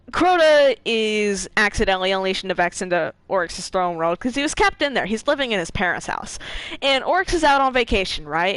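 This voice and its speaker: A woman streaming a game, chatting her way through its story with a lot of swing in her pitch and bursts of laughter. She swears freely and jumps into quick voices for each character. The sound is close and dry, with no room around it. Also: fairly bright tone, no echo, poor audio. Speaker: gaming streamer. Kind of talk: casual lore retelling while gaming.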